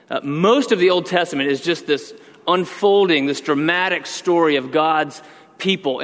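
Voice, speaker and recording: A man's voice: on the high side, long reverb tail. A man preaching a sermon with earnest emphasis, teaching through rhetorical questions. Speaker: pastor.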